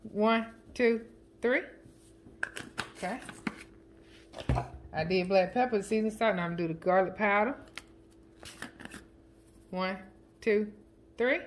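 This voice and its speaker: A woman chatting casually as a home cooking vlogger, counting her seasoning shakes out loud and joking with family off camera. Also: medium pitch, slow pace, long pauses, noisy background. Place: home kitchen. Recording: kitchen clatter of dishes and utensils.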